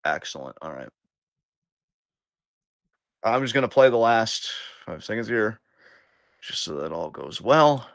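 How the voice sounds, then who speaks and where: A man co-hosting a live wrestling reaction show, talking in a loose, animated, profane way and rambling through his thoughts. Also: fairly low pitch, measured pace, pauses often, muffled recording. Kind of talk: casual live commentary chat.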